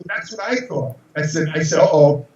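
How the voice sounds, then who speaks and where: An older man with a fairly high voice tells a story in an animated, meandering way, stumbling over and repeating his words. The recording sounds roomy and a little dull. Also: fairly quick. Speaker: guest storyteller. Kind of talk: casual interview anecdote. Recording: echoey, slightly dull recording.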